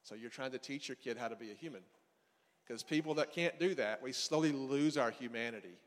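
Man teaching casually in an echoing hall. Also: mid-range voice. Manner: casual, conversational, with asides and quick restarts. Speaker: marriage and family counselor teaching a seminar. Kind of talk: faith-based teaching talk.

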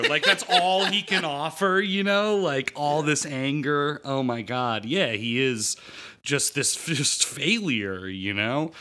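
A man's voice: a little high, slow, pushed and bright. A man co-hosting a podcast, recounting a film's plot in loose, slangy casual talk. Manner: loose and slangy, full of "like" and "dude". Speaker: podcast co-host. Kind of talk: casual film discussion.

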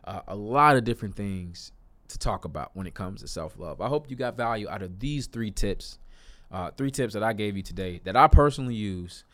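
A man's voice: lowish voice, expressive, fairly quick, a bit bright. Earnest young man giving self-help advice. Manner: earnest, repetitive, rises to emphatic outbursts. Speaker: self-help video creator. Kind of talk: motivational talk to camera.

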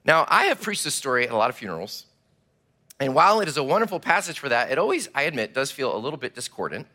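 A man preaching a sermon, telling the story with animated, acted-out delivery. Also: medium pitch, fast. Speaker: pastor.

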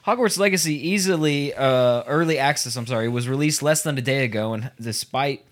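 A man's voice: medium pitch, brisk. Casual man reading news aloud. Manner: loose, laughing, stumbling over words. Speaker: podcast host.

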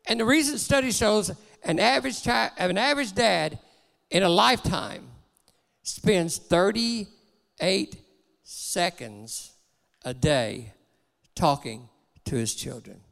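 A man's voice: high voice, vocal fry, fairly bright tone, in a large hall. A man preaching a sermon in church, earnest and exhorting.

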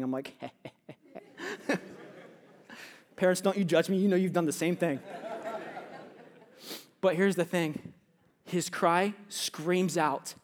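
A man in his thirties, a youth pastor preaching a sermon in a conversational, storytelling way. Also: a little high. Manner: conversational, storytelling preacher who acts out little scenes; often drops to quiet, hushed tones in anecdotes. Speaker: pastor of students and young adults.

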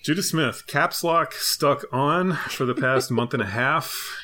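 A man's voice: fairly high pitch, takes it slowly, sharp tone. A man co-hosting a casual chat, making wry, teasing jokes. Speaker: podcast co-host.

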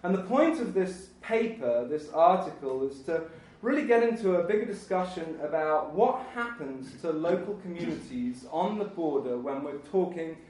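A man's voice: fairly high pitch, expressive, normal speed, darkish tone. A middle-aged man giving an academic history lecture, emphatic and rambling, with many restarts and asides. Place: university lecture room. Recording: echoey room, mic far off.

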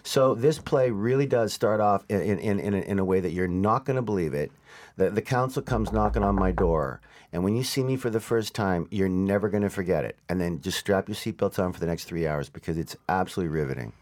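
Lowish guy gushing about his play, keeps restarting words, studio chat. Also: brisk. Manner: excitable, stumbling, repeats words. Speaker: stage actor, guest. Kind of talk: animated interview chat. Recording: studio interview.

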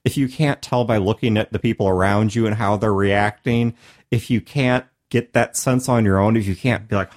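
Animated, emphatic male podcast host. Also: on the low side, normal speed. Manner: animated, emphatic, laughs often. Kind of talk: casual chat.

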